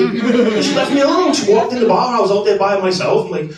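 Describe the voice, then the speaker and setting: A man in his forties doing a stand-up set, animated and profane, bursting into loud shouts. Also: high voice, brisk, crowd noise. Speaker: stand-up comedian. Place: comedy club stage. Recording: echoey club room picked up from a distance.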